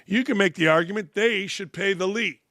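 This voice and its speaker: A man's voice: high-pitched, a little fast, fairly bright tone, no echo, clean studio sound. A man, hosting a sports talk show in a blunt, sarcastic, heated monologue. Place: studio.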